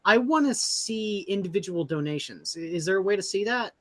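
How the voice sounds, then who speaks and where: Bright, halting male podcast co-host. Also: high voice, expressive. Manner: halting, many fillers and restarts. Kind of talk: casual chat.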